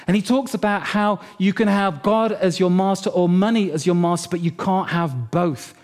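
Storytelling pastor, slightly high voice. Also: male voice, moderate pace. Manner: lively storytelling, animated and humorous. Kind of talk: sermon.

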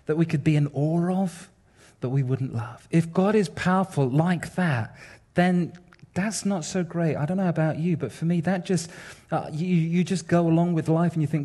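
A man preaching a sermon in an animated, wry, conversational way, addressing his congregation. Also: a little high, normal speed, husky.

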